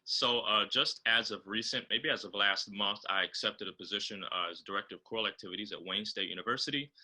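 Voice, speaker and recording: A man with a low voice and a very bright, forceful tone talks over a video call. He explains choir technique in an instructive way, with many ums and uhs. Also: low-quality recording. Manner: explains choral diction, often pausing on fillers. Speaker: composer and choral director guest.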